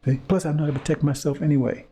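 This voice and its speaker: A man with a slightly high, mellow, somewhat rough voice races through a fiery, confrontational monologue to his audience, his intonation fairly even. He's a preacher, repeating phrases and stammering, restarting whenever he hunts for the right word.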